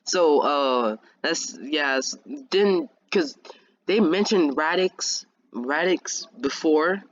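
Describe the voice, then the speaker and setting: A young man with a fairly high voice rambles through a fan story, restarting often and laughing at his own slips. The recording is dull and lo-fi with a faint hiss, made on a home mic. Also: takes it slowly. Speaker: fan video creator.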